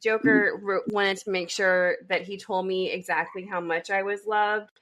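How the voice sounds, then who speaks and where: A woman podcast co-host telling a story in casual chat over a video call, animated and laughing as she goes. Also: mid-range voice, normal speed.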